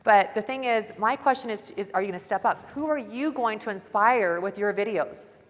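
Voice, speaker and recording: A woman's voice: medium pitch, moderate pace. A woman giving a fervent, casual motivational talk to a conference audience on stage. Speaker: conference speaker. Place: large conference hall. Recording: hall reverb from live event.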